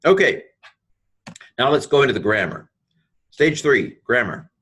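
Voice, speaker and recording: A man's voice: medium pitch, sing-song, unhurried, fairly bright tone, slightly rough. A man teaching a recorded lesson on Greek grammar over slides, thinking aloud, correcting himself and making playful asides.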